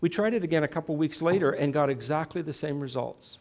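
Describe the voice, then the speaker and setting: A man's voice: on the high side, quick pace, a little mellow. A middle-aged man telling a personal story in a sermon, poking fun at himself and acting out the dialogue. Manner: self-mocking, dramatizes quoted dialogue. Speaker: Christian speaker.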